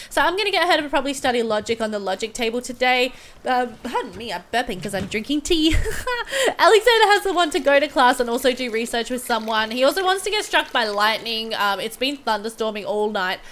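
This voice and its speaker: A woman's voice: fairly high pitch, fairly bright tone, slight background noise. Chatty, giggly woman narrating gameplay. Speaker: gameplay video host. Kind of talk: casual gameplay commentary.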